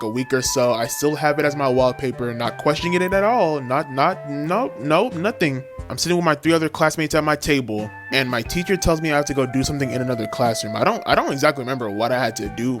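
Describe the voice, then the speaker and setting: A young man in his twenties telling a funny childhood story in a slangy, emphatic way, with music behind him. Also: on the high side. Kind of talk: storytime vlog. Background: background music.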